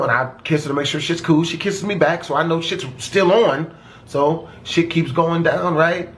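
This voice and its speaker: A young man telling a crude story from his own life in a casual, rambling way, animated and full of swearing, sometimes breaking into excited shouts. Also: sits high.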